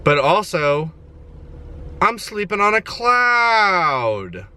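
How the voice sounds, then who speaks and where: Man, twenties, comic self-mocking vlogger; high, bright voice. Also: sing-song, extremely slow, smooth. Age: 20s. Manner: self-mocking, swings into shouted melodramatic wails. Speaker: comedian vlogger. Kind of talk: comedic vlog monologue. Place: inside a van.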